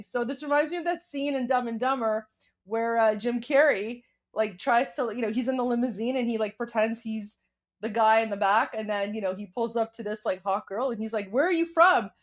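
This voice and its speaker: A young adult woman hosting a live stream, chatting casually with viewers and commenting on news, with many fillers and restarts. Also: a little high. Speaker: livestream host.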